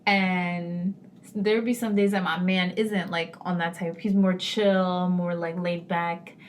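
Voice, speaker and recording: A woman's voice: on the low side, level tone, slow, a little hiss or hum. A young woman co-hosting a podcast in casual chat, frank and chatty, often laughing. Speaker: podcast co-host.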